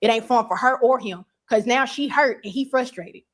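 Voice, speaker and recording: Female panelist, slightly high voice, calm and reasoning. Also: normal speed. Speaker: panelist in a played clip. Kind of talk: debate on a panel.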